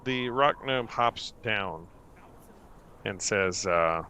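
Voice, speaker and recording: A man narrating as game master, unhurried and full of fillers. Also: fairly low pitch, animated, pushed and bright, clean tone.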